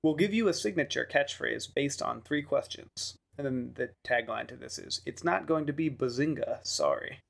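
A man with a gravelly, creaky voice banters as a podcast co-host. He jokes and laughs a lot, talking loosely with plenty of fillers. His pitch sits in the middle. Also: expressive, normal speed, hardly any pauses, fairly bright tone. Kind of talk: casual chat.

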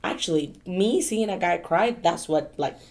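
A woman guesting on a podcast, talking in a halting way that often trails off in casual chat. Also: lowish voice, animated, darkish tone.

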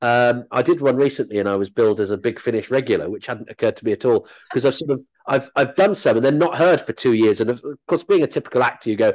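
Man, actor and comedian, interview guest, middle pitch, animated storytelling, self-deprecating. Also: fast, few pauses.

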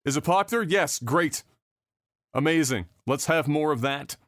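A man's voice: fairly high pitch, lively intonation, moderate pace, fairly bright tone, no room sound, clean studio sound. A man voicing a carefree male game developer in flippant, clipped short phrases. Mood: dismissive.

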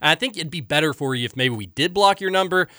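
An animated male talk show host whose pitch swings widely as he rants. His voice is bright and forceful, recorded dry and close with no room sound. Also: no room sound. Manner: animated, emphatic and quick to rant. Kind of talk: casual sports talk, reading listener texts.

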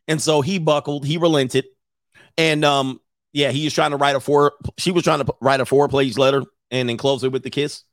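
A man's voice: mid-range voice, fairly quick, no room sound. Chatty man hosting a dry-sounding livestream. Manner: animated storyteller who laughs often; reads viewer comments aloud. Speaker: host of a livestream show. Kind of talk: casual livestream commentary.

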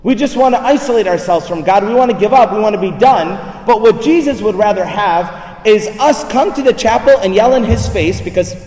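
A man preaching a sermon in a lively, conversational way, often checking in with his listeners. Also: high-pitched, brisk. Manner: animated, conversational, asks listeners "right?". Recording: echoey hall, speaker far from mic.

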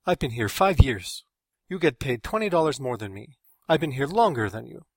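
A man voicing a frustrated, underpaid Mexican male software contractor who talks with loud indignation. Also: mid-range voice, expressive, fast, husky, dry recording, clean studio sound, pitched above the performer's own voice. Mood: indignant. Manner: indignant, emphatic.

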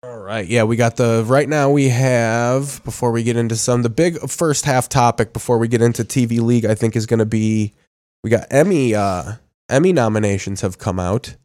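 A man's voice: mid-range voice, moderate pace, a little mellow, no room sound. A man hosting a podcast, doing casual, profane commentary in a mocking, crude tone with heavy swearing. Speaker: podcast host. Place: studio in a large city.

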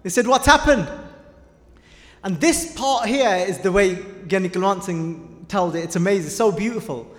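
High-voiced preacher in an echoing hall. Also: male voice, animated, moderate pace, few pauses. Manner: conversational, quizzes the audience, mixes in Punjabi. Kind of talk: sermon with storytelling. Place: large hall with a live audience. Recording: echoey hall with long reverb.

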